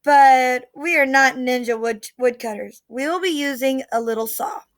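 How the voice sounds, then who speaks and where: A woman's voice: high voice, normal speed, no echo, studio quality, lightly acted. Casting: woman playing a jolly, firm dad, storybook read-aloud. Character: good-humored family father.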